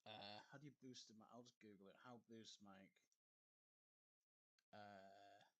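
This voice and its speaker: A man's voice: on the low side, steady tone, measured pace, a bit bright. A man streaming a game, muttering to himself and chuckling while he fiddles with his computer microphone. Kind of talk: casual live stream chat. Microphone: desktop computer microphone.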